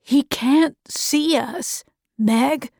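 A woman voicing a kind teenage boy who speaks quietly and earnestly in an audiobook. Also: sits high, very slow, no room sound, studio quality, voice pushed up, exaggerated voice. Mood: gentle.

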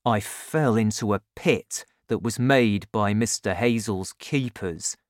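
A man's voice: lowish voice, slow pace, no room sound, studio quality. A man voicing a plain-spoken father with a broken leg in a storybook reading. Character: injured adult male poacher, a father.

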